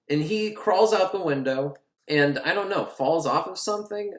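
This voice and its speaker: A man's voice: fairly high pitch, moderate pace. A man casually and sarcastically recapping an old film, swearing and laughing, in an echoey room.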